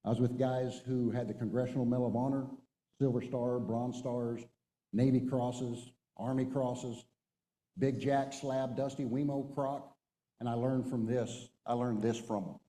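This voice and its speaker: A middle-aged man with a very dark, mellow voice gives a motivational talk from a stage to a group of men. He tells war stories and exhorts his listeners with emphatic, punchy delivery. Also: medium pitch, fairly even intonation, a little slow, big-room sound, rough recording. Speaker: retired Marine colonel speaker. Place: stage before an audience.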